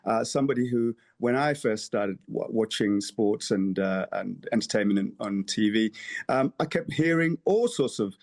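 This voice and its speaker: A councillor appearing as a guest in a television interview speaks in a low-ish, somewhat dark voice. He talks in a measured way, enunciating each word carefully, though hesitant fillers creep in.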